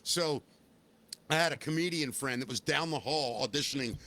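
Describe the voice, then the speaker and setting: A male podcast host with a bright, forceful, slightly high voice. He jokes around and tells stories with lively energy in a loose, casual chat. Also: moderate pace. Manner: joking, animated storyteller.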